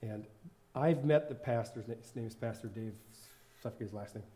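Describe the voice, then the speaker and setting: A man's voice: on the low side, fairly quick, mellow. A man giving an informal sermon in church, rambling and laughing often as he corrects himself. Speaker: worship leader and lay preacher.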